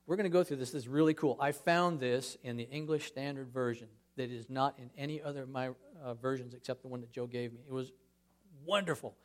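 Speaking fairly quickly at medium pitch, a guest preacher delivers a conversational sermon in a church. He brings scripture scenes to life by acting them out with lively emphasis.

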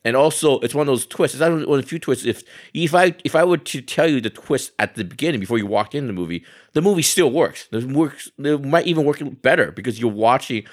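A podcast's movie correspondent chats casually in a mid-range voice with lively intonation, talking fast with hardly any pauses. He rambles, restarts often and keeps tacking on fillers like "and stuff like that."

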